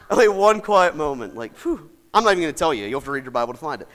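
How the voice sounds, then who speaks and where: Man, pastor, sermon, high pitch, very lively pitch, folksy, laughs a lot. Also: fairly quick. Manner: animated, swings from shouting to soft asides, acts out quotes; folksy, chatty, laughs often.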